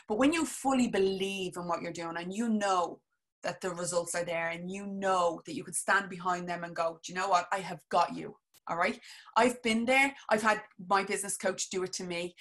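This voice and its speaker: A woman's voice: medium pitch, fairly bright tone. A woman, a business coach, chatting casually and eagerly to viewers on a live stream, rambling with restarts and frequent laughs.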